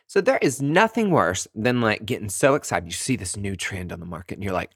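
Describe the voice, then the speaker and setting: A man's voice: fairly low pitch, animated, a little fast, hardly any pauses, husky, dry recording, studio quality. A young man hosting a podcast, talking in a sassy, campy way with big swooping emphasis. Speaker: podcast host and aesthetic provider. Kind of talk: casual monologue.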